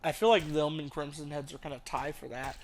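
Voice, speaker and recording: A man's voice: fairly high pitch, steady tone, brisk, a little hiss or hum. A man hosting a let's play, rambling casually and thinking aloud, with the odd swear. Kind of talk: rambling gameplay commentary.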